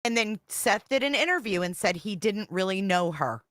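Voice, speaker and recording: A woman's voice: medium pitch, lively intonation, normal speed, a bit bright, dry recording, studio quality. A woman hosting a casual livestream, reading text messages aloud in a profane, exasperated, rambling way. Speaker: true-crime commentary host.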